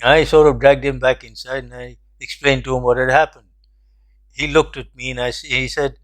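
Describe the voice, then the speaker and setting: An older man hosting a commentary show, telling a personal anecdote in a measured, reflective way. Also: mid-range voice, little pitch movement. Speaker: host. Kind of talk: storytelling commentary.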